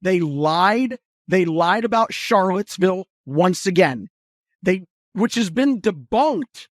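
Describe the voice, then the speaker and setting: A man with a high voice co-hosts a political talk show. He speaks in an animated way and trips over repeated words. The recording is close and dry. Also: slow, dry recording. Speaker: podcast co-host. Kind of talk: political commentary.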